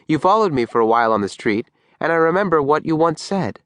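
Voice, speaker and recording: A man's voice: on the high side, expressive, quick pace, fairly bright tone, dry recording, voice pushed up. An insistent wife pressing her husband about an old memory, read by a male narrator. She asks her questions in a raised, lifting voice. The recording is dry and close.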